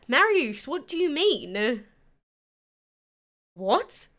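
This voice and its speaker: A woman's voice: a little high, lively intonation, moderate pace, pushed and bright. A nineteen-year-old woman with an English accent, chatting on a livestream and answering viewers' questions. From England. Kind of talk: casual chat answering live chat.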